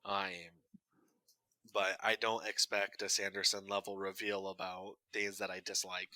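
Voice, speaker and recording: A man co-hosting a casual chat, opinionated and quick to chime in. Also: low voice, little pitch movement, bright, forceful tone, no room sound. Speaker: podcast co-host.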